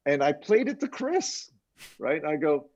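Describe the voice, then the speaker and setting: Older man telling animated studio stories. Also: on the high side, a little slow. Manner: animated anecdotes, quoting others, chuckling. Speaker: mixing engineer guest. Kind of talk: casual interview storytelling. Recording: dull lo-fi sound.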